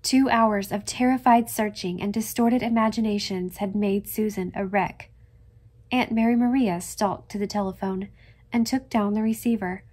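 A woman narrating a classic novel in a measured, expressive audiobook reading. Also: mid-range voice.

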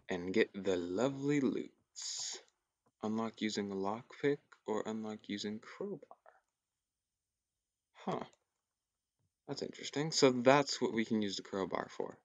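A young man talks through his gameplay in a hushed, often whispered voice, thinking aloud and circling back on his words. His voice sits a little low. The sound is dry and close, with no room around it. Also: no echo, highs cut off. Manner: thinks aloud, repetitive and tentative. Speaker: gaming YouTuber. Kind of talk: casual gameplay commentary.

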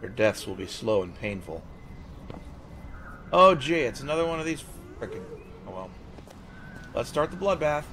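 A man's voice: mid-range voice, big pitch swings, moderate pace, pauses often, a bit bright, a little hiss or hum. A man giving casual, sarcastic commentary while playing a video game. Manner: sarcastic, joking asides. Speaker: let's play gamer. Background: game music.

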